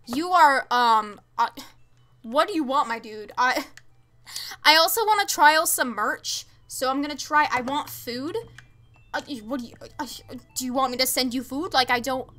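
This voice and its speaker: A young woman streaming a video game, chatting casually, gushing and stammering with excitement as she thanks viewers. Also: high-pitched, moderate pace. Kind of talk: casual live-stream chat.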